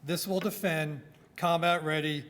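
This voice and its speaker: Man, New York accent, high voice, army officer, formal ceremony speech, projecting and measured, microphone. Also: fairly even intonation, big-room sound, very noisy. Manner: projecting, measured delivery with listed phrases. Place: indoor government building hall. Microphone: speaking into a microphone.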